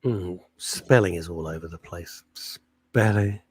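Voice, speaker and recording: A man's voice: deep voice, darkish tone, slightly rough, no echo. A middle-aged man co-hosting a radio show, bantering and mocking his partner in a jokey way. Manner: teasing, jokey, quick to mock his co-host. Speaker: radio co-host. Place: home setup with a loud industrial fan behind him.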